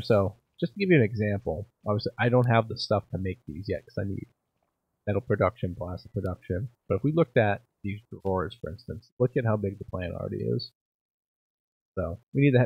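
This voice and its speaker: A man's voice: fairly low pitch, husky, no echo, highs cut off. A man casually commenting while playing a game, thinking aloud and joking about himself. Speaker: gaming channel host. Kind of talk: let's play commentary.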